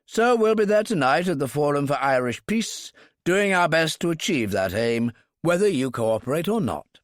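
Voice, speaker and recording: A man's voice: a little high, big pitch swings, moderate pace, dry recording, clean studio sound, voice pushed up. A man reading an audiobook, voicing an elderly British brigadier with a clipped, wry, authoritative manner. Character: gruff elderly British brigadier, dry and commanding.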